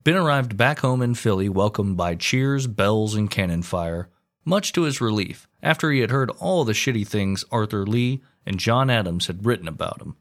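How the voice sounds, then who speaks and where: A man's voice: lowish voice, animated, moderate pace. A man hosting a comedic history podcast, narrating the story with wry, profane asides.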